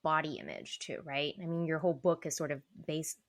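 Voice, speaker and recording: A woman's voice: deep voice, expressive, brisk. Friendly woman podcast host. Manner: relatable, laughs along, shares her own parenting stories. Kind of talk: conversational interview.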